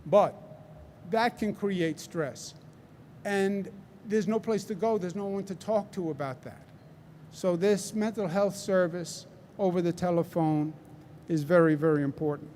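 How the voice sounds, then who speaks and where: Governor at a press briefing: a man with a Queens accent, a higher voice for a man, speaking slowly and emphatically, hammering home each point. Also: darkish tone, a little hiss or hum. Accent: Queens, New York. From New York. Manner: deliberate and emphatic, repeats key phrases, asks rhetorical "right?". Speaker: state governor.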